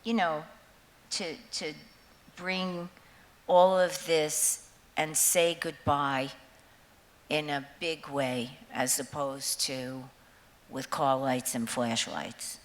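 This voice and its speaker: A woman in her seventies talks to a concert crowd in a low, unhurried voice. She wanders through stories with frequent laughs and casual swearing. Her voice carries a long hall echo over faint hiss. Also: fairly even intonation. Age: 70s. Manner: chatty, laughs often, swears freely. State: nervous before going on. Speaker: singer addressing a concert audience. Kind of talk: rambling onstage storytelling. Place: large concert hall with an audience.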